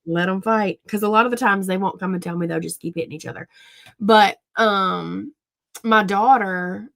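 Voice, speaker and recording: Rambling, foul-mouthed mom chatting. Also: female voice, mid-range voice, steady tone, normal speed, creaky, a bit bright. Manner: rambling, profane storytelling. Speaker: podcast co-host. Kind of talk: casual chat.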